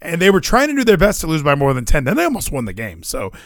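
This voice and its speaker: A man's voice: fairly high pitch, fast, no room sound, studio quality. A young man, co-host of a podcast, talking about his football weekend in casual chat, swearing and restarting often. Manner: animated, swears, frequent fillers and restarts.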